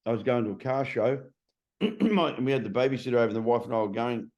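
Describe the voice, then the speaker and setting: A man's voice: medium pitch, quick pace, darkish tone, dull audio. A middle-aged man in a casual interview. He is a transformation coach who talks bluntly and swears freely.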